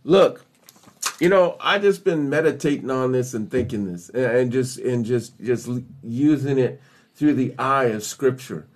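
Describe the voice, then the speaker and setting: A man preaching a fervent live-streamed morning devotional, shouting hallelujahs and greeting viewers by name. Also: medium pitch, measured pace.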